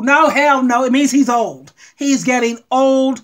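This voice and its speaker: A middle-aged woman giving blunt, animated relationship advice straight to her viewers. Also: high-pitched, unhurried. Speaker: advice vlogger. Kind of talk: frank advice monologue.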